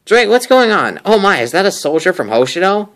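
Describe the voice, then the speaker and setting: A man voicing a calm, caring young woman, lifting his voice into a higher register as he reads game dialogue. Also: a little fast, heavily acted. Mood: alarmed. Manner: falsetto-raised voice, earnest. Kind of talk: fan reading of game dialogue.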